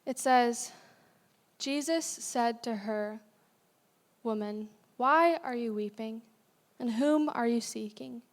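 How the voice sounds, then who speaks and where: A woman's voice: fairly high pitch, slow. A young adult woman, a guest speaker, preaching a sermon in a conversational, candid way with frequent asides and self-corrections. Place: church sanctuary. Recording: long hall reverb.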